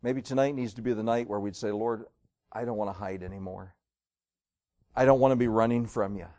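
A man preaching an evening sermon, reading old-style scripture aloud and telling stories, swinging between loud emphasis and quiet, slowed lines. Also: on the low side, fairly even intonation. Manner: reads King James verses aloud, dramatic storytelling.

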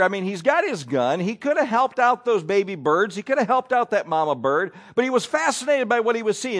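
A man preaching a sermon, reading scripture aloud and telling stories in an animated way. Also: sits high.

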